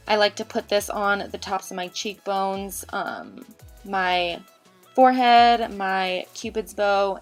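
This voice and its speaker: A young woman recording a casual voiceover for a makeup tutorial, chatty and rushed, a little out of breath and tongue-tied. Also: medium pitch. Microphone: home voiceover mic.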